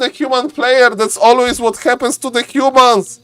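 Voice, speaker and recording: Sex: man. Role: esports caster. Style: live game commentary. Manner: excitable, laughs often. Pitch: high. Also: normal speed, clean tone, no echo, soft background music. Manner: excitable, repeats set phrases, laughs often.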